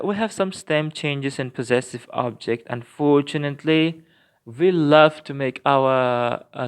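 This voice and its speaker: A man teaches a grammar lesson at an unhurried, deliberate pace. His voice is smooth and clear, sitting at an ordinary middle pitch. He works through each point patiently, with frequent fillers and restarts. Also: fairly bright tone. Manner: slow, careful explaining with many fillers and restarts. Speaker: language teacher.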